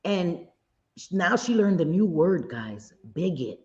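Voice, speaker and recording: A woman's voice: lowish voice, sing-song, takes it slowly, a little mellow. A woman hosting a livestream, chatting in a blunt, indignant way with occasional swearing. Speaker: livestream host. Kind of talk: casual gossip commentary. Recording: dull lo-fi stream audio.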